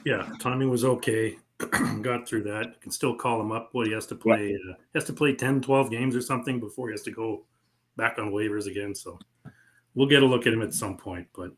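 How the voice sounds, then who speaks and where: A man co-hosting a podcast who tells stories in an animated way, swearing freely and laughing as he goes. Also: on the low side, brisk. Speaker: podcast co-host. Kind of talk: casual podcast storytelling.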